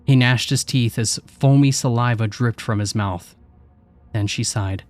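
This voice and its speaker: A man narrating a scripted horror story in a steady, measured way. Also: mid-range voice. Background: faint music.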